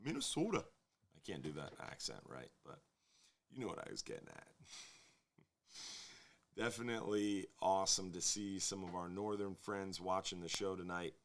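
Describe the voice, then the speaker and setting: A man with a relaxed drawl and a fairly low voice hosts a live fishing show from his marina. He talks casually and at length, drifting into jokes and asides for his viewers. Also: normal speed, pauses often, a little hiss or hum. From Florida. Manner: laid-back, rambling, joking with viewers. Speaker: fishing charter captain hosting a live show. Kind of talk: casual live-stream chat.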